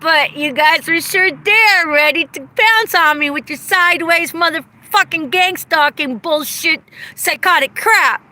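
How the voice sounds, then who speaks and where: A woman's voice: very high-pitched, measured pace, bright, forceful tone. A woman ranting angrily and profanely outdoors, delivering an accusatory vlog monologue. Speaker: vlogger.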